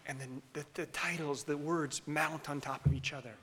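Bright, animated middle-aged male pastor. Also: fairly high pitch, normal speed, a little hiss or hum. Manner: animated, swings between loud bursts and hushed whispers; leads the congregation in call-and-response. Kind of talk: sermon.

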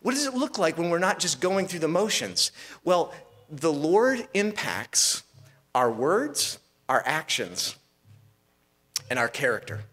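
A man's voice: on the high side, very animated, slow, a bit bright, slightly rough, faint music behind. A man preaching a sermon as pastor, asking rhetorical questions and restarting phrases as he goes.

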